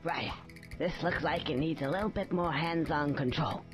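A man's voice: on the high side, normal speed, natural voice. A man voicing a cheeky young male cartoon squirrel in a video game, wry and chatty, talking to himself. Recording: game audio with music behind. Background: game music.

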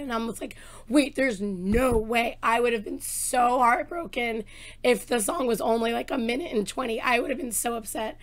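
A woman hosting a music reaction video, excitable and gushing, her voice a bit rough, talking at home. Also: high-pitched. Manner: gushing, excitable, exclaims often. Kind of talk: casual reaction commentary. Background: faint song playing.

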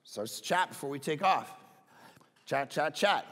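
A man's voice: fairly high pitch, long reverb tail. A man preaching a sermon as pastor, telling a story animatedly and acting out the dialogue. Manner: animated, acts out dialogue in quick bursts. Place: large church hall.

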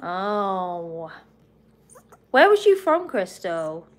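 A woman's voice: on the high side, very animated, slow pace. A woman from England hosting a casual live stream, chatting and giggling with viewers and her pet bird.

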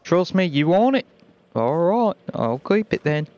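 Brash, foul-mouthed gamer guy doing a hammy fake British accent on a headset, pitched a bit high, faint noise behind. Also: very animated, a little slow, a little mellow. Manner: exaggerated put-on British accent, calling people mate and wanker; brash, abrasive, swears constantly. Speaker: gamer playing with random teammates. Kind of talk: profane gaming banter over voice chat.

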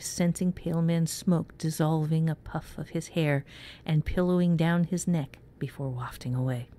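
A woman narrating a dark fantasy story in a measured, even way. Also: sits low. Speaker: story reader. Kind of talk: scripted narration.

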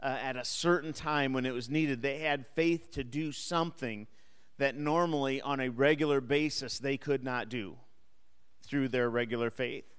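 A man's voice: medium pitch, steady tone, moderate pace, clean tone, big-room sound. A man teaching an adult Sunday school class, speaking conversationally, asking the class questions and joking lightly with them. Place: church classroom or hall.

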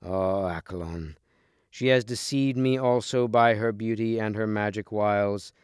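A man reading aloud as a wounded king in a storybook, grave and measured. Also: on the low side, fairly even intonation, clean tone, no room sound, clean studio sound, close to an everyday voice.

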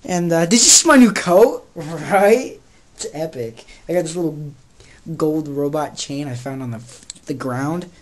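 A teenage boy rambles through a casual vlog, brash and crude. His pitch swings all over the place, and he jumps from loud outbursts to low mutters as he gets sidetracked. He sounds jokey and unpolished throughout. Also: animated, unhurried. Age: teens. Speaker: vlogger.

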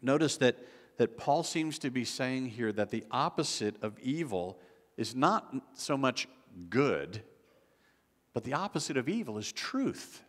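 A man's voice: mid-range voice, very animated, a little slow. A man preaching a sermon as pastor, in a conversational style with frequent restarts. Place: church sanctuary. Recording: long church hall reverb.

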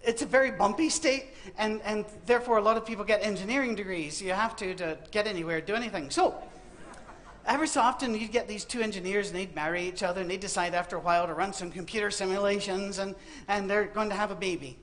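A man's voice: high voice, fast, a bit bright. A man with a West Virginian accent giving a humorous sermon talk to students, telling stories with wry, dry punchlines. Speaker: preacher speaking to students.

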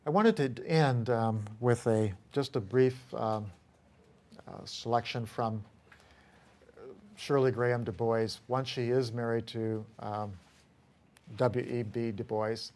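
A man lecturing as a history professor, talking casually and haltingly with many fillers. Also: mid-range voice, steady tone, a little mellow.

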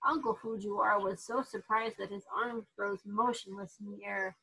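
Woman reading a kids' story aloud, expressive, bright tone, husky edge. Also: mid-range voice, moderate pace, poor audio. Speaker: reader to therapy dogs. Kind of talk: reading a children's book aloud.

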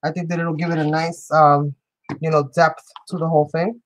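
A woman's voice: low voice, level tone, normal speed, a little hiss or hum, rough recording. A woman hosting a live crafting show, chatting playfully with viewers as she works and often breaking into giggles. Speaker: crafting channel host. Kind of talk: live crafting demonstration chat.

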